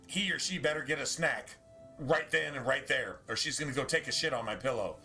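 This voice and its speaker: Rambling bright-voiced male game streamer. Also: medium pitch, fairly quick, faint music behind. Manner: rambling, talks in restarts and asides. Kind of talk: casual chat while streaming gameplay.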